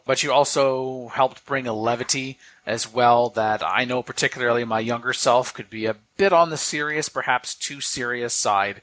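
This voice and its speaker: A man hosting a podcast talks in an earnest, rambling way with bits of playful teasing. His voice is bright and forward, sitting at an ordinary middle pitch. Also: no echo. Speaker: podcast host. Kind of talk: casual chat, heartfelt farewell tribute.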